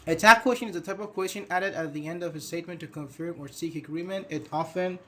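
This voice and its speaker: Chatty male English teacher, higher voice. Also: fast talker, bright, forceful tone. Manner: chatty, reads student comments aloud and praises them. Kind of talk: live online grammar lesson.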